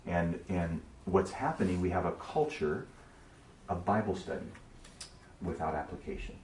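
Man, deep voice, casual sermon-style teaching, storytelling, distant mic in an echoey room. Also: normal speed. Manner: relaxed, conversational storytelling with asides to the audience. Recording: echoey room from far off, faint noise.

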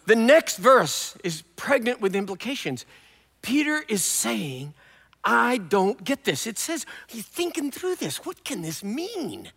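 A male guest preacher delivers a sermon with animated, humorous storytelling. His voice is high and bright, and it rings with the long echo of a large church hall.

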